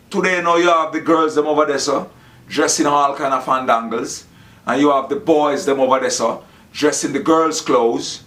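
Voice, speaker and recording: Man, preachy, rambling talk, middle pitch. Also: fairly bright tone. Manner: preachy, rambling, acts out quoted dialogue. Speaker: Rasta speaker. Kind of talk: casual monologue.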